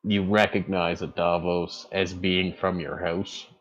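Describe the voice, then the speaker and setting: A man running a tabletop game as game master, unhurried, with stumbling restarts. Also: low voice, level tone, highs cut off.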